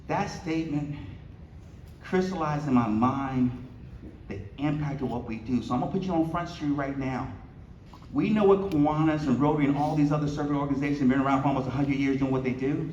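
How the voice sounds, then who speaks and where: In a banquet hall, a keynote speaker in his fifties with a slightly high voice tells stories at a fairly quick pace, lively acting out the quoted dialogue and trading jokes with the luncheon audience. Slight background noise accompanies an echoey, distant, somewhat dull room recording.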